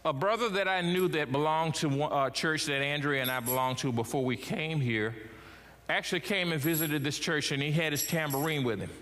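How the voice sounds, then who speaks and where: A middle-aged man delivers a sermon from the pulpit, his voice sitting a little high for a man. He swings his pitch and volume freely as he preaches. The recording carries the long reverb of a church sanctuary. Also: brisk, fairly bright tone. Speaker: pastor.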